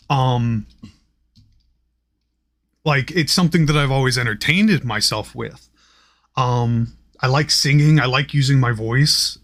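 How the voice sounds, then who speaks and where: A man's voice: mid-range voice, a bit bright. A young man chatting casually and rambling on a live stream while he paints miniatures. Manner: chatty, rambling, loose with fillers.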